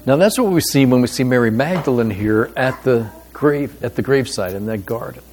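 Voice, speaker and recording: Man preaching, pastor, deliberate and emphatic, slow pauses, mid-pitched voice, faint noise behind. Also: lively intonation, darkish tone. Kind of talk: sermon.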